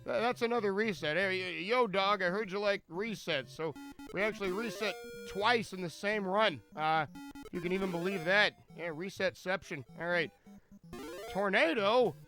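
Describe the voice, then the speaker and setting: A man's voice: high voice, moderate pace, bright, forceful tone, faint music behind. A man commentating his own game run live, rambling and joking with frequent stammered restarts.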